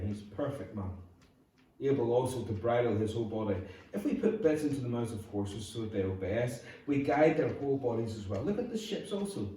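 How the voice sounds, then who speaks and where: A pastor with a Northern Irish accent delivers a humorous, conversational sermon in a church hall. His voice is medium-pitched and dark in tone, captured from a distance in an echoey room.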